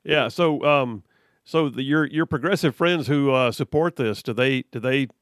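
A man's voice: mid-range voice, moderate pace, fairly bright tone, no echo. A man hosting a talk radio show, arguing emphatically with rhetorical questions and frequent restarts into a studio microphone. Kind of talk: opinionated talk radio monologue.

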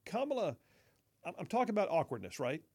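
A man's voice: high voice, sing-song, fast talker, a little mellow, slightly rough. A man hosting a political talk radio show, mocking and folksy, often saying y'all, speaking in a studio.

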